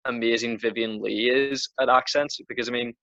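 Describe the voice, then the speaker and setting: A Northern Irish man chats on a podcast, his talk winding through fillers and restarts. His voice sits at a middling pitch. The sound is dry and a little dull, like a lo-fi home recording. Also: level tone, a little fast, a bit bright, dry recording. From Northern Ireland. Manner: rambling, many restarts and fillers. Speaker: podcast co-host. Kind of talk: casual chat.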